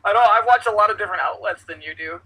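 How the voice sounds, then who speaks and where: A man talking football on a casual podcast, his voice high and piercingly bright. He gets excitable, swears freely and acts out big moments loudly. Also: rapid-fire, rough recording. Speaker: podcast co-host. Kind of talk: casual sports chat.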